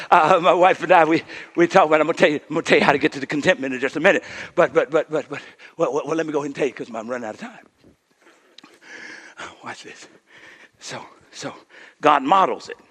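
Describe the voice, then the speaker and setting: A man preaching a sermon as pastor, calling on the congregation to respond, moving between quiet asides and shouted peaks and repeating words in bursts. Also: on the high side, husky.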